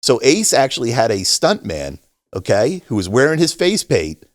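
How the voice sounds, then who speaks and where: A middle-aged man talks on his podcast like he is telling a story to a friend. His pitch rises and falls a lot, and he jumps into high voices for the people he quotes. The sound is dry and close to the mic. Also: wildly swooping pitch, normal speed, dry recording. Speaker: podcast co-host. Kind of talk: casual chat.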